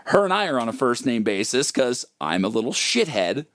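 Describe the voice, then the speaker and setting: Animated profane man spinning a yarn. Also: medium pitch, brisk, no echo, clean studio sound. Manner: rambling, profane, self-mocking. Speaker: livestream host and musician. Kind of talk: casual comic storytelling.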